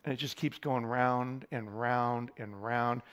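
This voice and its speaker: A man's voice: mid-range voice, fairly even intonation, takes it slowly, a bit bright, smooth. A man preaching a sermon, telling candid, self-deprecating stories to his congregation.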